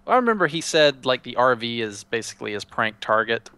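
A man's voice: medium pitch, big pitch swings, fast, sharp tone, smooth. A man casually showing a Minecraft server to a friend, rambling and restarting his sentences. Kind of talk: casual gameplay chat.

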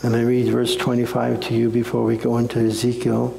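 A male pastor preaches in a folksy, conversational way, telling stories to his congregation. His voice is heavily gravelly and mellow. The room is echoey. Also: mid-range voice, monotone, a little fast, a little hiss or hum. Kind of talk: sermon.

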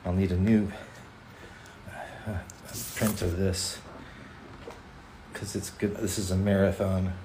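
A playful man who rambles and jokes while he chats with his viewers. His voice sits a little low, and he talks in an easy, casual way. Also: little pitch movement, slow pace, long pauses, background noise. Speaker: voice actor signing autographs on a livestream. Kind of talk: casual chat.

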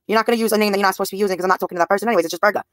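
A woman's voice: mid-range voice, steady tone, racing, no room sound. A woman in her thirties livestreaming, talking bluntly and profanely straight to her viewers' comments. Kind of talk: live stream talk to chat.

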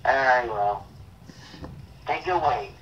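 A young man co-hosting a casual chat, speaking haltingly with repeated words and blunt opinions. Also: medium pitch, expressive, fairly bright tone, recorded from a distance, dull audio, slight background noise. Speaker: co-host.

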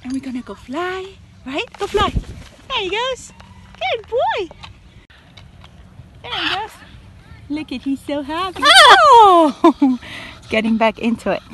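A woman's voice: very high-pitched, sing-song, measured pace, long pauses. A young woman vlogging at a park, cooing and baby-talking to her parrot with frequent laughs. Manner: coos and baby-talks to her bird, laughs often. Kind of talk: casual outdoor vlog talk. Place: park outdoors, windy day. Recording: outdoor wind and park noise.

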